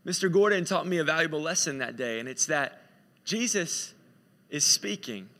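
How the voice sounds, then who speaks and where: A man's voice: on the high side, animated, normal speed, pushed and bright, in a large hall. A man preaching a sermon in a conversational, storytelling way, often repeating himself.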